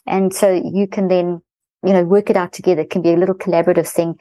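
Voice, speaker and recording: Woman guest expert talking parenting, lowish warm voice, animated and quick, dry recording. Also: dry recording, low-quality recording. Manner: fast-flowing, animated explanations with acted example dialogue. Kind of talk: interview, explaining a parenting method.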